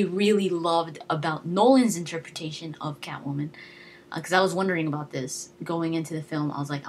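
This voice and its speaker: Chatty low-voiced young woman reviewing a film. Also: a little hiss or hum. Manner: chatty and enthusiastic, many fillers and restarts. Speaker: video blogger. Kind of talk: casual movie review monologue.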